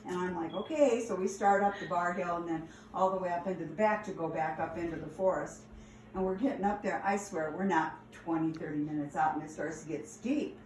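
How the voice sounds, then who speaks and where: A woman telling stories from her past in a casual, animated way, laughing and acting out the lines. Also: fairly low pitch, fairly quick, slight background noise. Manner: animated, laughing, acts out quotes. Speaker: storyteller. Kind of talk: casual storytelling. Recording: echoey room, distant mic.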